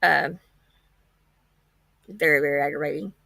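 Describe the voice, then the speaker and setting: Gravelly woman, rambling live chat. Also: sits low, measured pace, bright, forceful tone, no echo. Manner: rambling, frank, homespun. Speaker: true-crime livestream host. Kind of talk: casual livestream chat.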